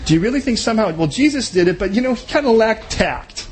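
A man with a notably high voice, preaching a sermon. He talks conversationally, throws in jokes, and briefly slips into other people's voices to make his points. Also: lively intonation, faint music behind. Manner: conversational and joking, acts out quick voices. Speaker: pastor.

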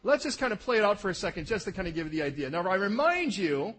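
A middle-aged man preaching a sermon as pastor, telling the story with animated, acted-out scenes. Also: high-pitched, fast, hardly any pauses, husky, poor audio.

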